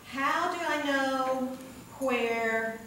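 Speaking slowly in a high voice, a female teacher gives a classroom lecture, patiently repeating every word and checking that her students are following. The mic is at the back of the room, so she sounds distant and heavily echoed, with a constant hum of room noise beneath her.

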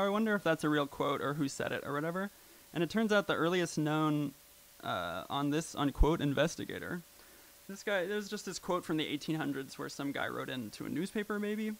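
A man's voice: a little high, gravelly, poor audio. A man presenting at a live event, talking casually and rambling with lots of "like" and "um" fillers. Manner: rambling, filler-heavy, with frequent "like" and "um".

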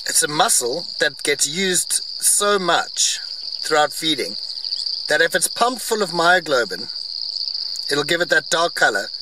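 A man on a game drive giving rambling, opinionated, wry commentary outdoors from a vehicle. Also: on the high side. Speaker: vlogger on safari. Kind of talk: casual commentary. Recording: distant mic, faint outdoor noise.

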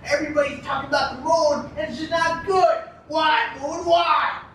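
A man's voice: very high-pitched, fairly even intonation, moderate pace, a little hiss or hum, pitched above the performer's own voice. A man voicing a drunk, furious male poet who rants and picks a fight. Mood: ranting. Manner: shouting, ranting. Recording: echoey room from far off.

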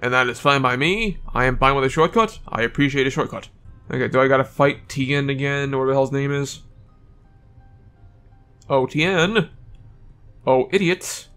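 A man's voice: mid-range voice, normal speed, pauses often, a bit bright, clean tone, soft background music. A young man casually commenting on his gameplay, swearing offhand and reading on-screen text aloud. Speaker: let's play gamer.

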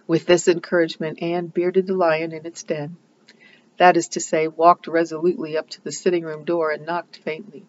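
Steady storybook narrator, dull recording. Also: medium pitch, moderate pace, a little hiss or hum. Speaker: storybook reader. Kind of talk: scripted narration of a classic novel.

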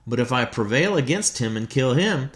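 A man's voice: medium pitch, expressive, normal speed, a bit bright, lightly acted. A man reading the lines of a menacing giant warrior in a raised, taunting voice.

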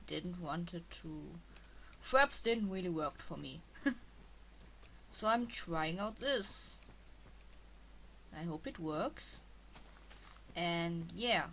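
A woman with a strong German accent, a native German speaker, giving halting, casual commentary as she plays a game and talks to herself. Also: lowish voice, pushed and bright, a little hiss or hum, low-quality recording. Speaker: let's player.

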